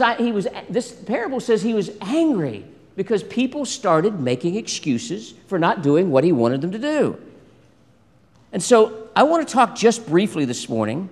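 A man preaching a sermon in a lively way, acting out scripture dialogue and asking the congregation questions. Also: high voice. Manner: animated, acts out biblical dialogue, asks congregation questions. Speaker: pastor. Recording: long hall reverb.

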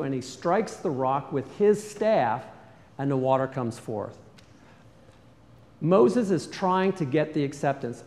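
A male pastor preaching a sermon with earnest emphasis, often dropping to a soft, low tone. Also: expressive, measured pace, big-room sound.

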